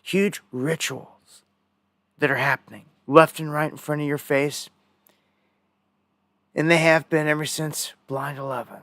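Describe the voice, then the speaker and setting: An indignant man talking through a live news stream in a loose, rambling, conspiratorial way. His voice sits a bit higher than most men's. The sound is dry and close, with no room around it. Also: little pitch movement, unhurried, pauses often, fairly bright tone, no room sound.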